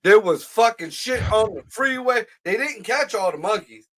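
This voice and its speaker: A man's voice: high voice, lively intonation, normal speed, a bit bright. A man co-hosting a live stream, telling loose, profane stories in casual slang. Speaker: podcast co-host. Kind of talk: casual chat.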